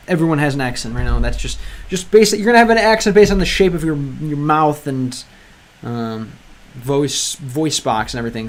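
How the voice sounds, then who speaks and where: Male streamer, average pitch, chatty and hesitant, translating aloud and answering chat. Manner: rambling and hesitant, many ums and restarts. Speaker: livestreamer learning Spanish through a game. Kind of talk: casual live-stream chat.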